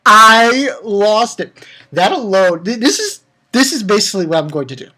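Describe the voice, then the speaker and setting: A woman giving a casual video review of an anime chapter. She gets excited, swears freely and acts out the characters' lines as she retells them. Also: medium pitch, moderate pace.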